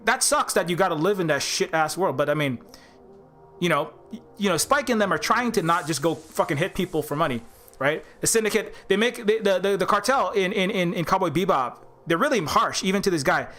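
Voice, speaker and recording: A man's voice: sits high, expressive, fairly quick, bright, forceful tone. A man giving a rambling commentary vlog, with many restarts. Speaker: game developer and commentator.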